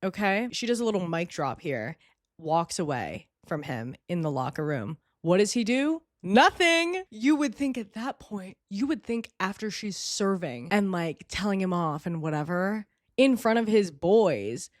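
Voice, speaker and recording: A young woman recapping a movie in casual vlog commentary, animated, sarcastic and exasperated. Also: fairly low pitch, normal speed, dry recording, clean studio sound. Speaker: vlogger.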